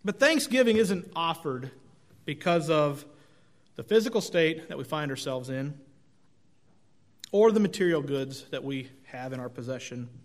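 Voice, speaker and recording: A man's voice: on the high side, animated, unhurried, pauses often. A middle-aged male pastor giving a conversational, self-deprecating sermon with folksy storytelling.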